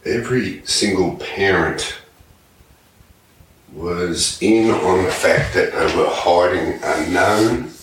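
A man's voice: low-pitched, takes it slowly. An Australian man hosting a podcast, telling crude comic stories, swearing and laughing as he acts out voices. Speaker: podcast host. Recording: echoey room, distant mic, faint noise.

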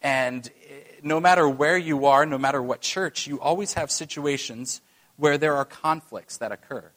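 A man's voice: fairly high pitch, normal speed, fairly bright tone. A man preaching a sermon as pastor, talking conversationally and addressing the congregation directly, with some self-deprecating remarks.

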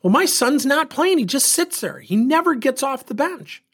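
A man's voice: high-pitched, moderate pace, fairly bright tone, slightly rough, voice pushed up, heavily acted. A man voicing an angry middle-aged mother who complains about her son's playing time. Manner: indignant.

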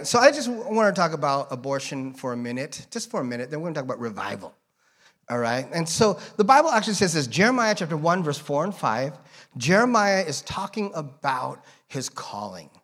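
A man's voice: medium pitch, animated, brisk, fairly bright tone. A man preaching a casual sermon to a church congregation, joking and wandering off on tangents as he talks. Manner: rambling, joking, drifting into tangents. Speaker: guest preacher.

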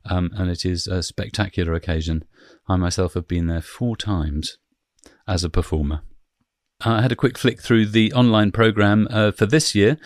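In clean studio audio without echo, a man hosts a casual podcast chat at a moderate pace, his low voice chatty as he drives the talk with questions.

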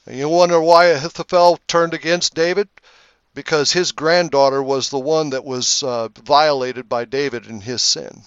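A man's voice: a little high, normal speed, fairly bright tone, clear, resonant tone, dry recording, lo-fi sound. A man on a Bible discussion panel, walking listeners through scripture verse by verse with frequent hesitations.

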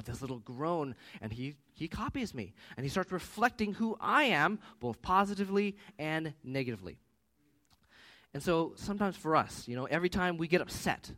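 Pastor, 30s, man; lively, swooping delivery, chatty sermon full of family anecdotes. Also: fairly high pitch. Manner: animated, conversational with personal anecdotes.

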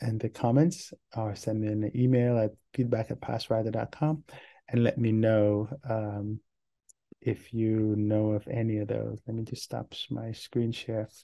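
A man's voice: on the low side, flat delivery, measured pace, creaky, mellow. A man hosting a casual solo podcast, rambling with many fillers and restarts, and acting out the voices in his story. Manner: acts out quoted voices in an anecdote. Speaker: podcast host.

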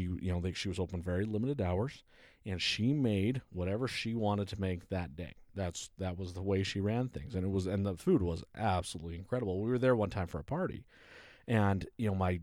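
A man's voice: low voice, a little mellow, no room sound, clean studio sound. A man co-hosting a casual talk show, telling rambling stories full of fillers and laughs. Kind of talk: casual chat, storytelling.

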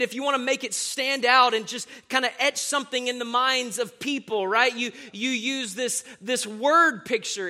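High, bright, jokey male preacher. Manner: lively, jokey, calls on the crowd for amens. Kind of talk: sermon.

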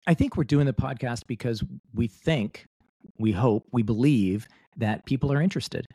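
A man's voice: medium pitch, normal speed, mellow, breathy edge, dry recording. A man co-hosting a podcast, explaining his reasons in an earnest, casual way. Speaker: podcast co-host.

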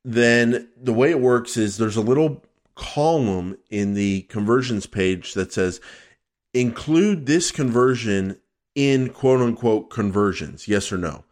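A man's voice: medium pitch, expressive, unhurried, a little mellow. A man co-hosting a casual podcast, answering a listener's question in a loose, playful, rambling way. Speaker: podcast co-host.

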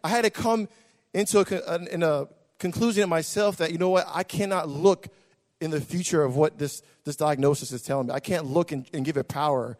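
A brisk, high-voiced male pastor delivers a sermon testimony in a large hall with long reverb. His impassioned, repetitive delivery swings from hushed tones to shouting.

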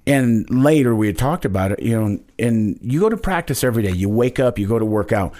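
A man's voice: medium pitch, a little fast. A man in his fifties from Wyoming, a guest in an interview, telling a story earnestly and acting out the quotes. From Wyoming, United States. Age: 50s. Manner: earnest, animated retelling with acted quotes. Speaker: guest, Olympic wrestler.

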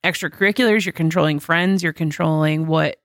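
A woman with a gravelly, creaky voice co-hosting a podcast. She talks slowly and deliberately in casual chat and leans on "like". The close mic sounds dry. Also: sits low, a bit bright, dry recording. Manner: slow, deliberate, with frequent "like". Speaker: podcast co-host.

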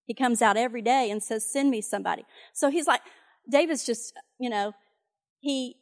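A woman's voice: fairly high pitch, moderate pace. A woman preaching a sermon, retelling a Bible story in a conversational way with fillers and asides.

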